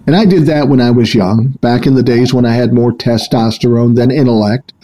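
An older man from Minnesota, a podcast guest, talking in a calm, measured, low-key way in casual chat. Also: slight background noise, low-quality recording.

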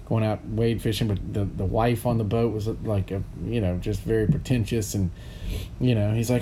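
A man's voice: lowish voice, steady tone, brisk, noisy background. A middle-aged man, hosting a podcast and telling rambling stories between bursts of laughter. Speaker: podcast host. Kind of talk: casual chat, storytelling.

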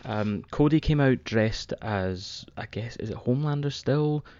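Animated sweary Scottish man, lo-fi sound. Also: medium pitch, measured pace, no echo. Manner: animated, sweary, apologetic asides. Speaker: wrestling podcast co-host. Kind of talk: casual chat.

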